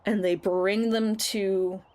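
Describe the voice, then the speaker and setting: Animated woman streamer telling a story. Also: slow pace, low-quality recording. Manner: animated, acts out quoted lines with big pitch jumps. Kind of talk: casual storytelling while gaming.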